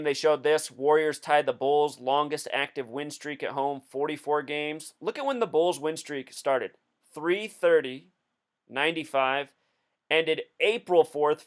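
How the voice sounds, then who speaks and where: A man's voice: a little high, clean tone. A man hosting a video, talking through a casual commentary in an insistent, explanatory way. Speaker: video host.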